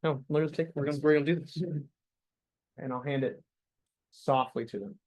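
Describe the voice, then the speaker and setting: A man's voice: mid-range voice, fairly quick, darkish tone. Upbeat young man coaching a sales team. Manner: coaching, upbeat, asks the group questions. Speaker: sales meeting leader. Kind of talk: leading a staff meeting.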